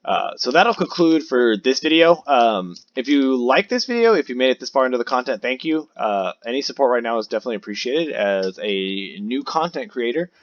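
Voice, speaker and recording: Man in his own casual voice, lively and rambling, talking over a game; muffled lo-fi audio. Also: mid-range voice, brisk, hardly any pauses. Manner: rambling, chatty, many fillers. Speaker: new content creator. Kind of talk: casual gameplay commentary. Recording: dull lo-fi recording.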